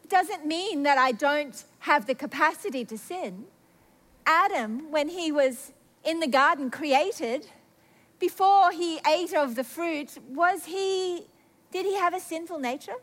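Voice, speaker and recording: Woman preacher, high voice, chatty and self-mocking, goes quiet then gets all excited. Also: unhurried. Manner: chatty and confessional, self-mocking, swings between hushed and excited. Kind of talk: sermon with personal stories.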